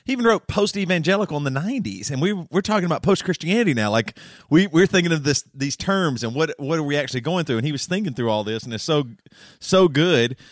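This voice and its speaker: A man's voice: a little high, animated, quick pace, no room sound, clean studio sound. Rambling Southern man on a podcast. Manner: rambling, self-correcting, laughs often. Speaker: podcast co-host. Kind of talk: casual chat.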